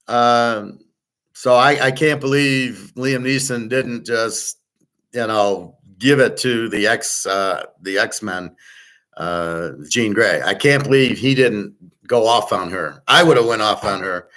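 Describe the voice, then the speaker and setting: A man hosts a loose, unscripted chat. His voice sits at an ordinary middle pitch. He talks bluntly and rambles, restarting sentences and swearing freely. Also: measured pace, sharp tone. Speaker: host.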